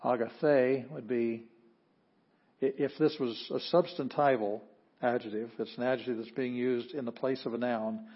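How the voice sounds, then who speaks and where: A man teaching a language class, explaining patiently with frequent pauses and fillers. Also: medium pitch, fairly even intonation, husky, lo-fi sound. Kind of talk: classroom lecture.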